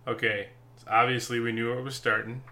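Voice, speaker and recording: A man's voice: mid-range voice, flat delivery, brisk, bright, forceful tone. A man co-hosting a casual gaming chat, laughing often and hesitating with ums. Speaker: podcast co-host.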